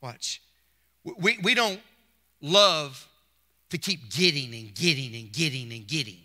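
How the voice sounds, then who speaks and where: A man's voice: mid-range voice, lively intonation, a little slow, pushed and bright. A middle-aged man, preaching a Mother's Day sermon from the pulpit with emphatic repetition and call-outs to the congregation. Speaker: pastor. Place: church sanctuary. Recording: long church hall reverb.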